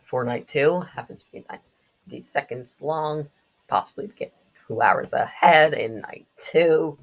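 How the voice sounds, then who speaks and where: A young woman with a notably low voice chats her way through a game's backstory. She drifts easily into joking asides and quick tangents, in a casual, offhand tone. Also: gravelly. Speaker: game lore commentator. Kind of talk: casual commentary.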